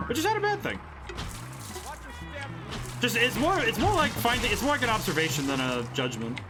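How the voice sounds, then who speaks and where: A streamer from the northern United States keeps up a casual, bemused let's-play commentary, giggling and talking back to the game's characters. The voice swings widely in pitch, and game music plays clearly underneath it. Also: sing-song, normal speed.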